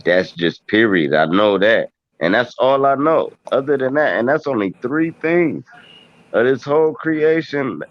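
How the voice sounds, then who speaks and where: A man's voice: medium pitch, expressive, measured pace, no echo. A man talking casually in a group chat, rambling in slang with many fillers and restarts. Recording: dull lo-fi stream audio.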